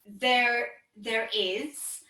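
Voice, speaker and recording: A woman vocal teacher explaining singing technique as a podcast guest, lively, demonstrating with her voice and laughing often. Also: on the high side, extremely slow, recorded from a distance. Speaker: vocal pedagogy specialist, guest. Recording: echoey room, a bit off-mic.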